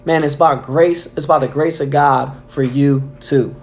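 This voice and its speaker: A man's voice: fairly high pitch, steady tone, a little slow. A man delivering a casual weekly devotional message, enthusiastic and filling his talk with "man" and "um". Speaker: preacher.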